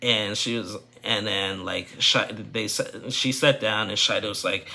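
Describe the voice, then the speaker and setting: Chatty guy with a bright, raspy-edged voice, rambling opinions about a reality show. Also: lowish voice, unhurried. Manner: rambling, opinionated, with frequent restarts and laughs. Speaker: reality TV recap vlogger. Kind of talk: casual opinion recap.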